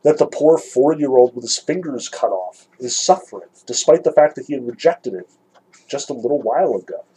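A man with a husky, slightly rough voice gives a literature lecture. His pitch sits at an ordinary middle level, and he explains each scene in a measured, thoughtful way. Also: animated, mellow, poor audio. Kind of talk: lecture with dramatic read-aloud passages.

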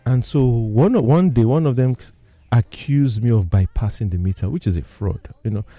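A man, telling personal stories in casual talk as he explains a topic, animated and emphatic. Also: mid-range voice, normal speed, dry recording, faint music behind. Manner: animated storyteller, lively and emphatic.

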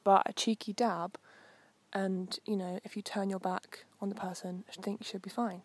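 Walking a coastal path outdoors, a young host narrates in a husky, medium-pitched voice with a steady tone and moderate pace. She rambles in a chatty, casual way, often saying "um."

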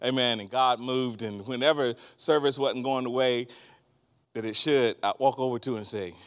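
A man in his sixties preaching a sermon as a guest, animated, breaking into laughter and shouts. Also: medium pitch, normal speed, clean tone.

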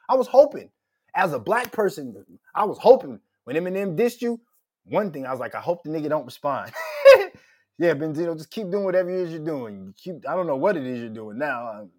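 Profane, heated man ranting loudly. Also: on the high side. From Minnesota. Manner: profane, heated, loud rants. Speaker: podcast host. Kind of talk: casual ranting commentary.

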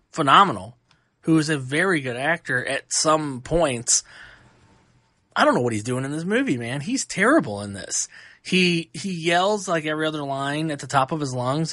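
A man hosting a podcast, giving a casual and animated movie review full of fillers and restarts. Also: a little high, no echo, clean studio sound. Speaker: podcast host.

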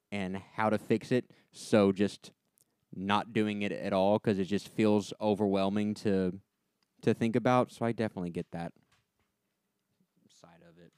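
A man's voice: lowish voice, a little mellow, clean tone, no room sound, clean studio sound. A man co-hosting a casual podcast chat, rambling with many fillers. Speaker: podcast co-host.

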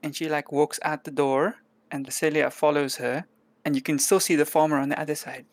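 Low-voiced woman running a tabletop game, calm, dry close sound. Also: brisk, no echo. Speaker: game master. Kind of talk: narrating a tabletop role-play game.

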